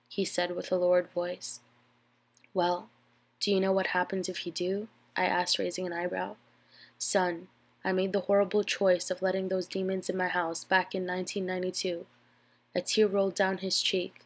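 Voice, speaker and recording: A woman's voice: lowish voice, little pitch movement, moderate pace. A woman with a nasal, stuffed-up voice from a cold, reading a scary story aloud.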